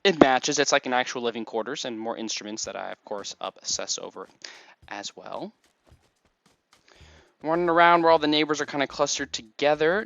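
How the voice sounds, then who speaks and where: A man's voice: mid-range voice, expressive, fairly quick, a bit bright, highs cut off. A man giving casual, rambling gameplay commentary, full of "like"s. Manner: chatty, rambling, many "like"s. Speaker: let's play gamer.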